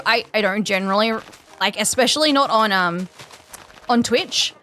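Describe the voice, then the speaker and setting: A woman's voice: a little high, normal speed, fairly bright tone, faint music behind. An Australian woman streamer chatting casually with her live viewers, rambling with plenty of fillers and restarts. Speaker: game streamer.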